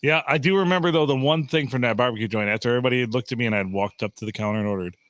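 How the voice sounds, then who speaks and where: A man's voice: mid-range voice, very fast, dry recording. A man hosting a podcast in a studio, telling stories in casual chat and laughing often. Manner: animated storyteller, laughs often. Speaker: podcast host.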